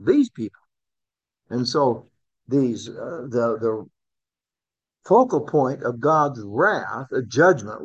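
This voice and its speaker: A man leads a Bible class in a conversational style, posing questions to his listeners and lifting his pitch to emphasize key words.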